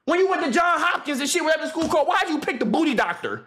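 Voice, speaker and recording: High-voiced young man ranting to chat. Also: fast talker, hardly any pauses, slight background noise. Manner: animated, slangy and joking, many restarts and impressions. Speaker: streamer. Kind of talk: casual rant to a live stream chat.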